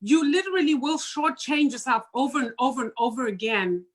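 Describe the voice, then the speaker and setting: A woman's voice: high-pitched, fairly quick. A woman in a casual podcast chat who is chatty and laughs easily.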